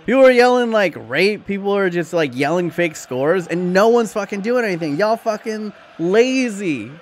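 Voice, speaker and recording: A man's voice: sits high, animated, moderate pace, a little hiss or hum. A man with an American accent, from Canada, streaming live and ranting profanely at his chat between reactions to a football match.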